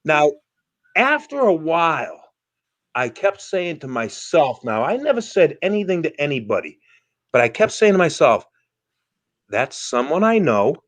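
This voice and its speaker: A man's voice: a little high, big pitch swings, moderate pace. A man hosting a casual online panel, telling a story in an emphatic, profane way. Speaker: live streamer hosting a panel.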